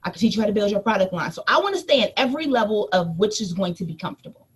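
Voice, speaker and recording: A woman in her thirties, a life coach, telling a personal story in a lively motivational talk to her audience. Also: medium pitch, rapid-fire, husky. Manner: animated storytelling, addresses listeners as y'all.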